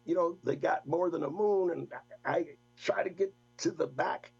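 An older man, a guest, telling a rambling, animated story in casual talk. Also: fairly high pitch, moderate pace, creaky, breathy edge, muffled recording. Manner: rambling, animated anecdote with laughs.

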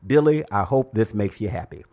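Male jazz radio DJ, playful and unhurried between records. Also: lowish voice, lively intonation, muffled recording. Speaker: radio jazz show host. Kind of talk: casual radio DJ patter.

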